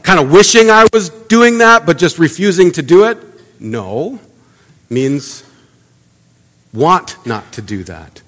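A pastor giving a sermon in a conversational way, asking the congregation rhetorical questions and acting out little everyday asides. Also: male voice, fairly high pitch, a bit bright. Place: church sanctuary. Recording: long church reverb.

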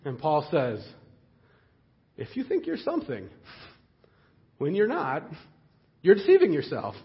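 A man preaching a sermon in a conversational, animated way, with frequent fillers and restarts. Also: fairly high pitch, a little slow, muffled recording. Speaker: pastor.

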